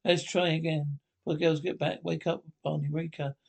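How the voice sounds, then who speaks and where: A man's voice: a little high, level tone, a little fast, vocal fry, darkish tone. An actor playing a blustery, boastful caveman husband in a 1960s cartoon. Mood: panicked.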